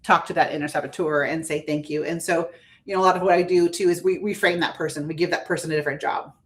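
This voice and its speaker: A woman guesting as a spiritual life coach on a podcast, talking in a gentle, earnest, reflective way. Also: on the low side, steady tone, fast talker. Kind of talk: podcast conversation.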